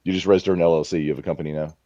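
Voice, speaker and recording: Deep, dark-voiced blunt man on a call. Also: fairly even intonation, racing, no room sound. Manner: blunt, confident about tax tips. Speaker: panelist. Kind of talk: casual online panel chat. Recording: dull lo-fi call audio.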